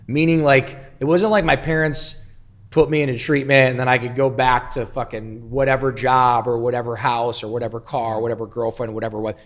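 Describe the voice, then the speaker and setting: A male guest on an interview, speaking candidly and bluntly. He swears freely and presses hard on key words while his voice sits at an ordinary middle pitch. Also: little pitch movement, brisk. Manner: blunt, profane, emphatic. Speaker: guest, entrepreneur.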